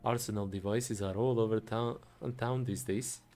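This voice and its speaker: A man's voice: fairly low pitch, steady tone, moderate pace, a little mellow, soft background music, natural voice. Dude reading a chill curious dwarf engineer, pretty much his normal voice. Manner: reading game dialogue aloud.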